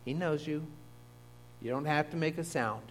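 A man's voice: fairly high pitch, normal speed, a little hiss or hum. A man, a pastor, preaching a sermon in a conversational teaching manner, with asides to the congregation. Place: church.

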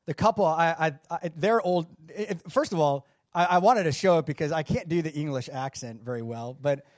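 A man's voice: fairly high pitch, normal speed, dry recording, clean studio sound. Man preaching a conversational sermon. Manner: conversational preaching with asides and restarts. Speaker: pastor.

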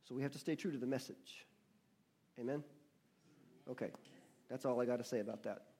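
A man delivers a church sermon in a husky, mellow voice. He reads scripture slowly and with weight, then checks in with his congregation through quick questions. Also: medium pitch. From United States. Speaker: pastor.

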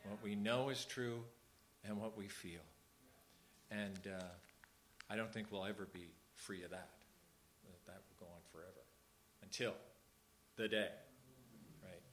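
A man's voice: fairly low pitch, steady tone, a little slow, long pauses, a bit bright, a little hiss or hum. Earnest man leading a church service. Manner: earnest and conversational, repeats phrases for emphasis. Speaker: church leader. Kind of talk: informal talk at a church service.

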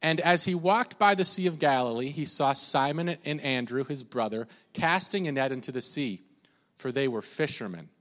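A man's voice: medium pitch, normal speed. A man preaching a sermon to his church, reading scripture aloud and leading the congregation in call-and-response. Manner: energetic, leads call-and-response. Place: church sanctuary. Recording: long reverb of a church hall.

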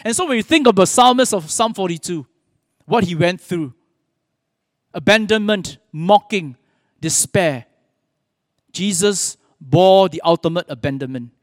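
A man with a high voice preaches an earnest sermon, stopping now and then to quote scripture. His words ring out with a long reverb, as in a big hall. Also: expressive, unhurried, pauses often, clean studio sound. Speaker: pastor.

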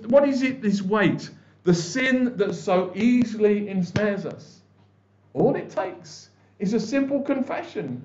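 Animated and high-pitched with a darkish tone, this preacher speaks at a measured pace. His sermon is chatty, full of restarts and performed voices of other people, captured in a dull, reverberant church.

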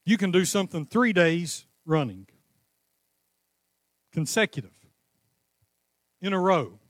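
High-voiced impassioned preacher. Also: male voice, no room sound, studio quality. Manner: impassioned preaching, rising to cries then dropping to a calm teaching tone. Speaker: pastor. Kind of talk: sermon.

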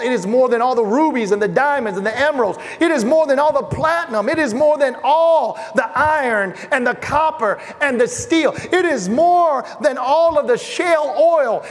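A man preaching in a church, his voice unusually high and carried by a long reverberant tail. He builds through emphatic repeated lists, then drops soft and low to tell personal stories. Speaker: pastor. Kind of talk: sermon. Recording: reverberant hall.

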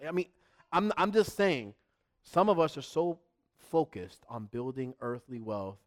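A middle-aged male pastor preaching a sermon, emphatic, repeating himself and swinging between loud and hushed. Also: mid-range voice, clear, resonant tone.

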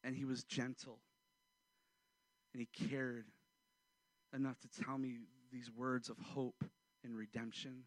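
A man in his forties, a pastor, preaching a sermon and telling a personal story, swinging from loud outbursts to hushed, quiet passages. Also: mid-range voice, flat delivery, slow pace, pauses often, no room sound.

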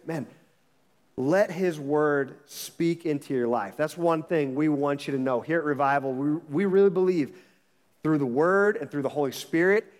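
A man's voice: a little high, big-room sound. A man preaching a sermon as pastor, emphatic and repeating his phrases with frequent restarts.

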